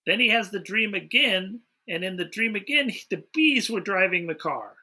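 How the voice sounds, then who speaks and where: Dude walking through a movie plot on a podcast, bright tone, bit high. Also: male voice, animated, moderate pace. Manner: plot recap, dry. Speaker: podcast host. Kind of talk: casual chat.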